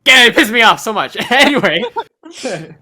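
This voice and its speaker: A man's voice: very high voice, lively intonation, normal speed, pushed and bright, breathy edge. A young man co-hosting a podcast, telling a story in casual chat with constant swearing. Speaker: podcast co-host.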